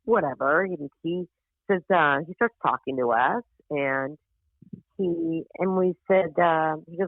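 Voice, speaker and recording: A female stand-up comedian, appearing as a podcast guest, tells a story in casual conversation, animated and swearing freely while voicing the people in it. She has a low voice and a measured pace. The audio is tinny and phone-like, with no echo.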